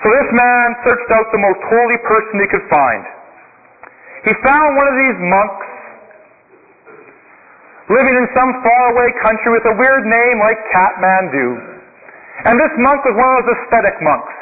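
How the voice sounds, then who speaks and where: A man's voice: extremely high pitch, animated, measured pace, pauses often, sharp tone. A man preaching a sermon, telling stories and building his points in rhythmic lists. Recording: dull sound with long reverb.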